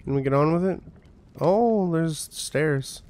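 Sarcastic male streamer, slow drawl, profane gameplay commentary. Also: a little high, expressive, a little mellow.

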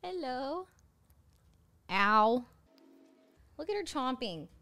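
A woman's voice: high voice, sing-song, unhurried, faint music behind. A woman guesting on a livestream, chatting casually and teasing with frequent giggles. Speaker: stream guest. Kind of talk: casual stream chat.

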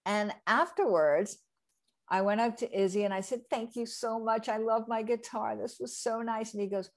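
A woman's voice: a little high, steady tone, moderate pace. A woman in her sixties from New Jersey, a guest in a casual interview, telling a long anecdote and acting out the people she quotes. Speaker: interview guest, re-recording mixer.

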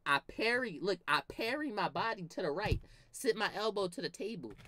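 A young woman telling a comedic story, swinging from low mutters to shouted outbursts and acting out the lines she quotes. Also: animated, moderate pace, slight background noise.

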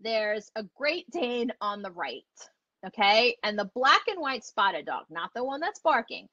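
A woman's voice: on the high side, sing-song, a little slow, pushed and bright, dry recording. A woman dog trainer teaching online, chatty and enthusiastic, acting out the dogs as she explains. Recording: dull lo-fi audio.

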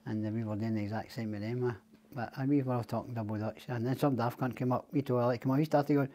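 A man's voice: medium pitch, fairly even intonation, fast, mellow. A Scottish man telling long stories as a podcast guest, rambling and swearing freely. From Scotland. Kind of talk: casual storytelling chat.

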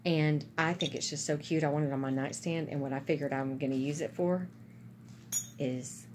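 A woman's voice: deep voice, fairly even intonation, normal speed, darkish tone, a little hiss or hum. A woman chatting casually and gushing to her viewers about gifts she is unboxing. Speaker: vlogger.

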